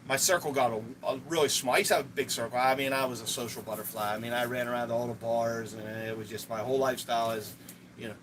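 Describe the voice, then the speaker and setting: A man's voice: medium pitch, fairly even intonation, quick pace, noisy background. A man chatting casually to viewers on a live stream, rambling with lots of restarts and fillers.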